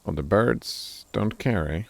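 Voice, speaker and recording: Slow and creaky, this man's lowish voice still carries lively intonation, with no room sound in the recording. He streams a game, thinking out loud, looking up words, and cracking jokes at himself as casual play-along commentary.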